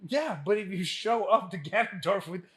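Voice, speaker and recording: A man co-hosting a casual podcast chat, animated and laughing often as he acts out what others say. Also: sits high, normal speed, slightly rough. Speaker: podcast co-host.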